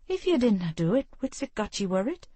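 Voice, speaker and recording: A woman's voice: mid-range voice, very animated, brisk, mellow, slightly rough, no echo. A woman voicing a proud, teasing older duchess with a Scottish accent, reading an audiobook. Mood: mocking. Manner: sly, mocking.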